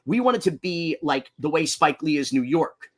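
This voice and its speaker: Male filmmaker guest from Miami; raised pitch, energetic, rambling anecdotes with "you know"s and cursing. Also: moderate pace. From Miami, Florida, US. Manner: animated, profane, rambling with many fillers and restarts. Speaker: documentary filmmaker, podcast guest. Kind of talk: anecdotal storytelling in a podcast interview.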